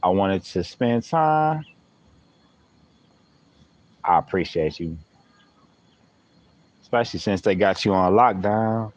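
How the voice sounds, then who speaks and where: A man's voice: low-pitched, expressive, slow pace, long pauses, lo-fi sound. A man using hosts a live stream, chatting playfully with viewers and laughing often. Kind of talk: joking live-stream chat.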